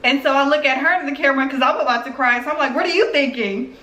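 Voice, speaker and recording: A woman in her twenties from Philadelphia telling a personal story on her vlog in a chatty, animated way full of fillers. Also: high voice, rapid-fire. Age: 20s. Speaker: YouTuber. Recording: roomy echo.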